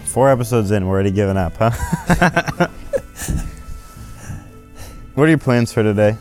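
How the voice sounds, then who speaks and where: A man's voice: on the low side, animated, a little slow, a little mellow, faint music behind. A young man co-hosting a podcast in casual chat, joking and retelling a phone call with his friend. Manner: joking, bossy storyteller, acts out phone calls. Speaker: podcast co-host.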